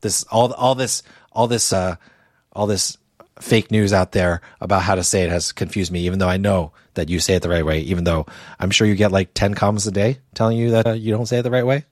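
A man's voice: low-pitched, fairly even intonation, fairly quick, no room sound, studio quality. A man co-hosting a podcast, casual and laid-back, often rambling and correcting himself. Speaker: podcast co-host. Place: home setup, Boston area.

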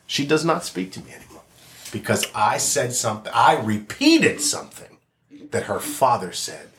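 A man's voice: medium pitch, very animated, normal speed, a bit bright, slight background noise. A man from the United States speaking as a podcast guest, telling stories in a reflective, emphatic way in casual conversation.

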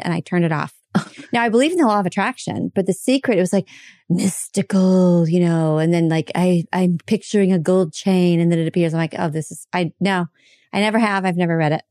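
An American woman hosting a casual conversation, telling animated stories and laughing as she goes. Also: on the low side, fairly quick, dry recording, studio quality. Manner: animated storyteller, laughs mid-story. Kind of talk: casual chat.

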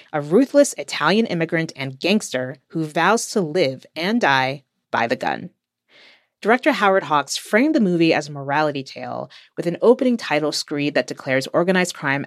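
Low-voiced woman narrating a podcast. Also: no echo, studio quality. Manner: measured, explanatory. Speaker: podcast host. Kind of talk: scripted narration.

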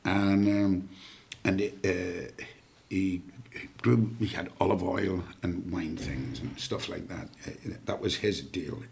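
Low gravelly guy on a podcast, animated storyteller cracking himself up. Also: takes it slowly. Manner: animated storyteller who laughs at his own tales. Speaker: guest. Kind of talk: telling family stories in a podcast chat.

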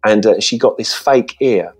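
A man's voice: on the low side, normal speed, husky, soft background music. A man telling casual stories as a podcast guest, rambling through many false starts, recorded on a phone.

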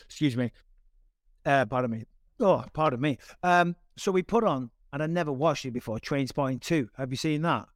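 A man's voice: medium pitch, moderate pace, dry recording, clean studio sound. A man from Britain hosting a podcast, talking bluntly and enthusiastically with plenty of swearing. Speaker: podcast host. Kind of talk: casual chat.

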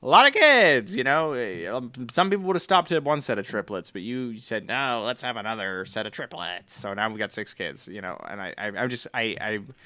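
A man's voice: medium pitch, animated, a little fast, hardly any pauses, pushed and bright, dry recording. A man playing a flustered stay-at-home father of six who stammers and keeps shushing the kids, in an improvised comedy sketch. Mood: harried. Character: frazzled stay-at-home dad of six, harried.

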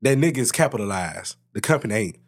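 A man co-hosting a podcast, telling a story about work in a casual, swearing, animated way. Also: quick pace. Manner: animated storytelling, swears freely, jumps high in pitch when excited. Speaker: podcast co-host. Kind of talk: casual chat.

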